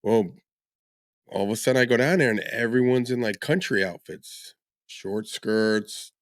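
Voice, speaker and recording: A man co-hosts a podcast in a dry, close recording, telling a story in a lower-pitched voice. He acts out the people in it and keeps breaking into laughter as he goes. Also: unhurried, dry recording. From northern United States. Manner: animated storyteller who acts out quoted people and laughs often. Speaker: podcast co-host. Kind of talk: casual storytelling chat.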